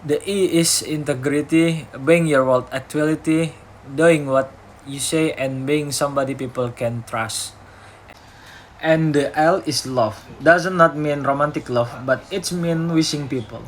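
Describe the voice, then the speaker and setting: Young Indonesian student, male, slightly high-pitched, reads a class talk haltingly with slips and restarts. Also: a little hiss or hum, poor audio. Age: young adult. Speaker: university student. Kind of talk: retelling a talk for a class assignment.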